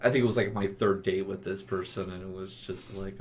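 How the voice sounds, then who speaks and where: A man co-hosting a casual chat, telling stories in an animated way and laughing often. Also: low voice, moderate pace, a little hiss or hum. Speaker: podcast co-host.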